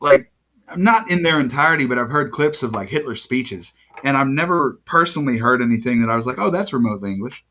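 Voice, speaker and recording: A man's voice: mid-range voice, fairly quick, bright, forceful tone. A male podcast host asking curious, laid-back questions in casual chat. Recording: dull lo-fi sound.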